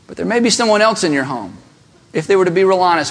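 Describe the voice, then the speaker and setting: A man preaching a sermon, talking emphatically with slow, deliberate stresses and rhetorical questions. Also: high-pitched, lively intonation. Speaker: pastor. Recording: long reverb of a large hall.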